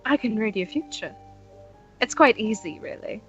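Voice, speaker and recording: A coy, wheedling young fortune teller in a tabletop game, as a woman puts her on, her voice bright and forward. The recording sounds a little dull, with faint music underneath. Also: on the high side, big pitch swings, moderate pace. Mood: coaxing.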